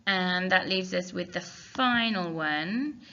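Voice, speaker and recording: A woman's voice: lowish voice, sharp tone. A woman teacher, talking students through a recorded language lesson in a chatty, self-deprecating way. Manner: chatty, self-deprecating, slow over the foreign words. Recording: dull lo-fi with faint hiss.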